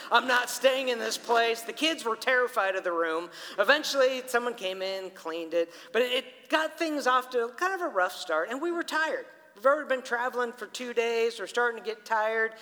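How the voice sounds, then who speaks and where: A middle-aged man, a pastor, preaching a sermon in a church hall, telling a family story and talking straight to the congregation. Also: very high voice. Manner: storytelling, animated, addresses people directly. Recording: long hall reverb.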